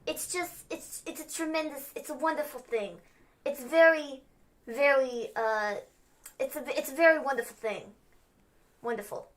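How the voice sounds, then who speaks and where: A woman putting on an impression of a boastful male politician who keeps repeating superlatives in halting phrases. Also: high-pitched, natural voice. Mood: bragging.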